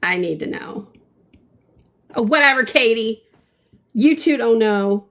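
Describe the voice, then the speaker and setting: Slow, gravelly-voiced woman hosting a livestream. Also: a little high, lively intonation, a bit bright. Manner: chatty, playful, reads and answers comments. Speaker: livestream host. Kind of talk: casual chat while painting live.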